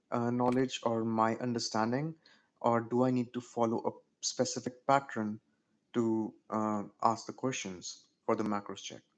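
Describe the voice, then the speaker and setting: A man asking questions during an online training meeting. He speaks carefully and apologetically and rephrases himself to be clear. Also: mid-range voice. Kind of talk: casual meeting talk.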